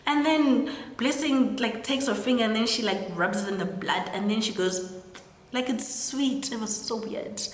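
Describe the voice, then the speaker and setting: A young woman recaps a horror story in a loose, chatty way, leaning on filler words and acting out the characters' lines. Her voice sits at a middle pitch. She sounds like she is in a roomy space with a long, lingering reverb. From South Africa. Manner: chatty, lots of "like" fillers, acts out quoted lines. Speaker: storytelling creator. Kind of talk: casual plot recap. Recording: echoey room with long reverb.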